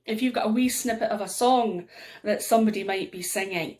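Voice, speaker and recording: A woman with an Aberdeen Scottish accent leads a storytelling workshop. She talks lively, shifts her pitch and loudness to show off voices, and says um often. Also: moderate pace. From Aberdeen, Scotland. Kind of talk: instructional workshop talk.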